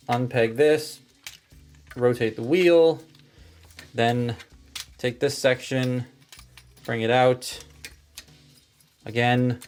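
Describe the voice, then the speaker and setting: A man walking viewers through a toy, step by step, in a relaxed and chatty way. His pitch sits in an ordinary middle range. Faint clicks and tapping sit quietly behind him. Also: slight background noise. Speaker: toy reviewer. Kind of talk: casual hands-on toy review.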